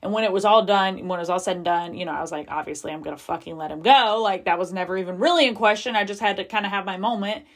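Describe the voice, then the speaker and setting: A woman's voice: mid-range voice, rapid-fire, few pauses. A woman hosting a podcast, talking frankly and confessionally with lots of casual filler and frequent swearing. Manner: chatty with many fillers. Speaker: podcast host. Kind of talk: candid personal monologue.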